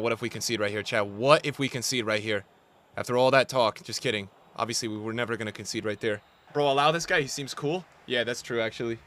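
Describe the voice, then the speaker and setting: A man's voice: mid-range voice, pushed and bright, no echo. A young man streaming live gameplay and talking to his chat, frustrated and trash-talking as he plays.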